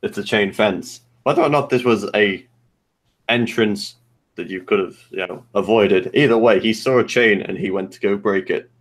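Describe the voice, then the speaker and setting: Low-voiced man running a tabletop game. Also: normal speed. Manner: loose descriptive narration. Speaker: game master.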